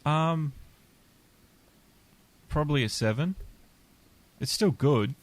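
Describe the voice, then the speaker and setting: A man's voice: fairly high pitch, slow. A man hosting a casual podcast chat, plain-spoken and teasing. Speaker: podcast host.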